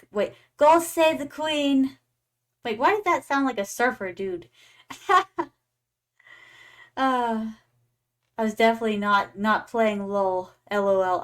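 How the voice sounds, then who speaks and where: A young adult woman streaming a game, chatting playfully and calling her viewers "my darlings". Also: mid-range voice. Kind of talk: casual gaming stream chat.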